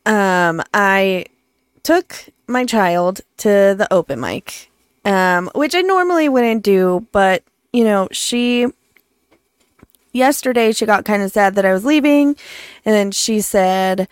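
A woman co-hosting a casual podcast, telling a story in a quick, chatty way. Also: medium pitch, expressive, clean tone, no echo, studio quality. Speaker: podcast co-host.

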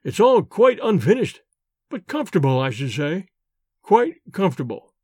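A man's voice: high-pitched, sing-song, normal speed, darkish tone, breathy edge, no echo, studio quality, full character voice. A man voicing a deferential manservant in an audiobook, courteous and formal, addressing his master as sir. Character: deferential older male manservant, polite and formal. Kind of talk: audiobook character voice.

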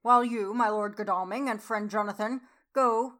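A woman voicing an older male Dutch professor, earnest and fussy, with halting foreign-sounding phrasing. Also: medium pitch, steady tone, fairly bright tone, slight background noise, close to an everyday voice.

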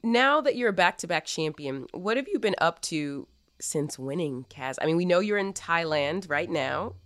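A woman's voice: on the low side, expressive, moderate pace, no echo. A woman co-hosting a podcast, asking friendly, long follow-up questions in a casual way. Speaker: podcast co-host.

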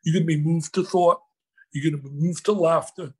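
A man telling a story as an interview guest, in an animated, emotional way. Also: fairly high pitch, brisk, slightly rough, poor audio.

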